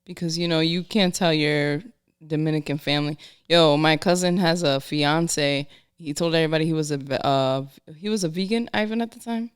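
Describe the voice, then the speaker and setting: A woman's voice: low-pitched, smooth. A woman co-hosting a casual podcast, chatty and teasing, asking the guest questions. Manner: chatty, teasing, quick reactions. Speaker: podcast co-host. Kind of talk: casual chat.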